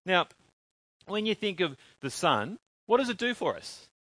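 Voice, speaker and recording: A man delivers a lively sermon, tossing questions out to his congregation and pressing on with his point. His voice sits a bit higher than most men's. The sound is dry and close to the mic, with hardly any room around it. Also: a little slow, dry recording. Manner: animated, asks the congregation questions. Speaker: preacher.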